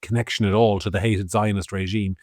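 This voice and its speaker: Here an Irish man co-hosts a podcast, sardonically swearing his way through opinionated political commentary as his volume rises and falls. His fairly low voice shows little pitch movement and a brisk pace, in a studio-quality recording with no echo.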